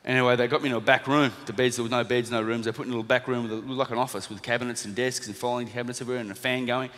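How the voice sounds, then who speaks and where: Speaking very fast in a mid-range voice, this Australian man in his thirties, a former boxer turned motivational speaker, spins a lively anecdote for a live crowd. He performs the lines of the story's characters and laughs at himself, with the sound echoing around a reverberant hall.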